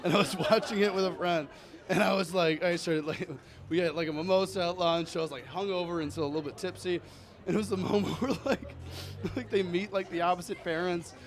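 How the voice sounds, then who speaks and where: A man's voice: sits high, fairly even intonation, brisk. A young man joking and teasing on a live dating show, laughing often. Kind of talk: joking live date banter. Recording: live audience crowd noise. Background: live audience crowd.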